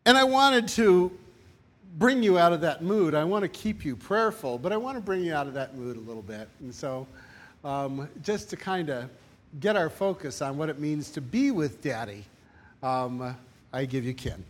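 Male pastor, conversational sermon, light humor, slightly raised pitch. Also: lively intonation, normal speed. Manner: conversational, joking preacher.

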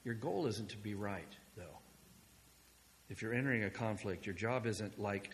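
A male pastor preaching a sermon in a conversational storytelling manner, moving between hushed asides and loud, excited passages. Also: fairly low pitch, normal speed, long reverb tail.

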